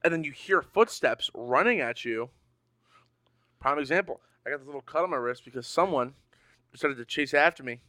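A man co-hosting a casual podcast, talking excitedly and stammering a little as he gets spooked. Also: a little high, brisk, no room sound. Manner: excitable, easily spooked, stammers when nervous. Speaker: podcast co-host. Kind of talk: casual chat.

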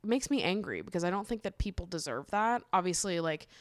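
Candid low-voiced woman venting. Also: sing-song, fast, dry recording. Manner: candid, heated, lots of "like" and swearing. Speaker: podcast host. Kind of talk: personal monologue.

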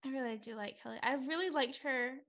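A woman's voice: high voice, fairly quick, fairly bright tone. A young woman co-hosting a podcast, chatting casually and agreeing often with short affirmations. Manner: agreeable, supportive listener with brief affirmations. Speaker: podcast co-host. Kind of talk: casual recap chat.

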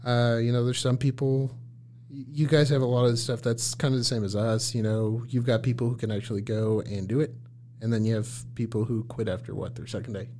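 A man's voice: medium pitch, little pitch movement, brisk, warm tone, a little hiss or hum. A man, a paramedic guest, telling work stories in casual chat, laughing often and acting out his own lines in a raised voice.

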